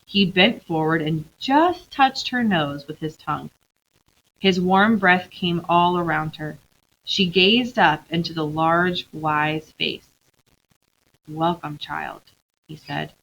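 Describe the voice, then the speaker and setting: Woman teacher, reading aloud to class, expressive, bright voice, dull lo-fi recording. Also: lowish voice, slow, a little hiss or hum. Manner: expressive, stops to quiz students.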